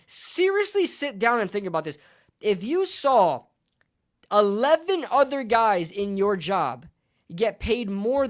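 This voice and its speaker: A man hosting a sports channel, passionately arguing an opinion and repeating points for emphasis. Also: high-pitched. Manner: passionate, repetitive, argumentative.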